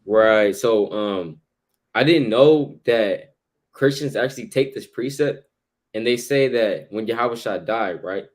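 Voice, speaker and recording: A man's voice: lowish voice, takes it slowly. A man co-hosting a casual Bible study discussion who talks loosely in slang and laughs often.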